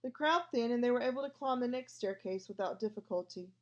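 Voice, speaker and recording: A woman's voice: a little high, fairly quick. Woman reading a storybook, lo-fi. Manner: reads all parts herself. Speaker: audiobook reader. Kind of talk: storybook narration.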